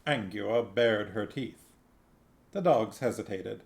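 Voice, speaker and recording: A man reading a novel aloud on a stream, narrating slowly. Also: lowish voice, creaky. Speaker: reader on a stream.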